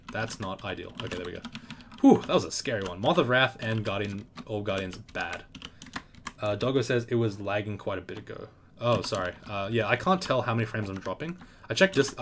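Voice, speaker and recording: Young man, game streamer, low voice, loose and profane, with clacking keys behind him. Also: slight background noise. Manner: casual, swearing, mock trash talk. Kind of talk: live gameplay commentary. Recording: loud keyboard clicks and typing.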